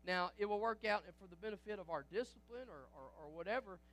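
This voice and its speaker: A man preaching a sermon as pastor, lively, with frequent restarts and asides to the congregation. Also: high voice, fast talker.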